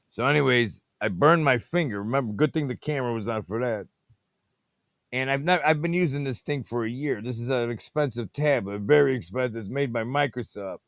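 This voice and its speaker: A man's voice: medium pitch, no echo. A man hosting a late-night movie review show, talking in a meandering way, repeating catchphrases and getting sidetracked. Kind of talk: rambling casual monologue. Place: home at night, fiddling with a tablet.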